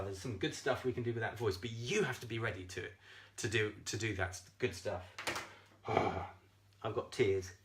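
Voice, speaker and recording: A man coaching viewers on a live stream, animated and talking straight to them, swearing freely and laughing often. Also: medium pitch. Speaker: self-esteem coach.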